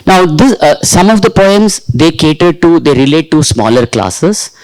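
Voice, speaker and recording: A man with an Indian English accent giving a workshop lecture to teachers, talking in an animated, sing-song way. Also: a little high, measured pace, low-quality recording. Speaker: teacher trainer.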